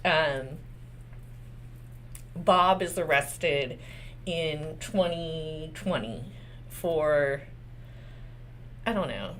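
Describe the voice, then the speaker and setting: A woman's voice: low voice, animated, extremely slow, long pauses, slight background noise. A woman lawyer with a Texas accent giving casual, candid legal commentary, swearing often and asking rhetorical questions.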